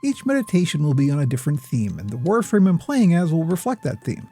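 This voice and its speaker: A man hosts with measured, lofty scripted narration that leans a bit pretentious. His voice is mellow and warm, lifting and falling in a lively way. Faint music plays behind. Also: on the high side, husky. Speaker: gaming video host.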